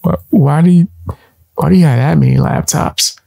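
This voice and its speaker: Laid-back man with a mellow voice. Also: on the high side, normal speed, vocal fry, no echo, studio quality. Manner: laid-back, rambling asides. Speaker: co-host. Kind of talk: casual chat.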